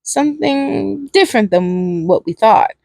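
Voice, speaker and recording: A woman reading as a scared young partner who pleads and stammers through tears in a storybook reading. The voice sits a bit high and sounds close and dry. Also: expressive, measured pace, gravelly, mellow, no room sound, heavily acted. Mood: anxious, pleading.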